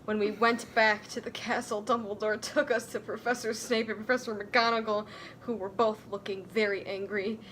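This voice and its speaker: A woman reading a fan story aloud for comedy, giggling and yelling the quoted lines. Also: mid-range voice, little pitch movement, moderate pace, slight background noise. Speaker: comedy reader.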